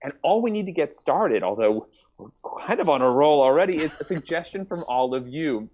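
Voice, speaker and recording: A man's voice: fairly high pitch, lively intonation, fairly quick. Upbeat man hosting an improv stream. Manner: upbeat, chatty, warmly addressing viewers. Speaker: improv show host. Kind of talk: live-stream show introduction.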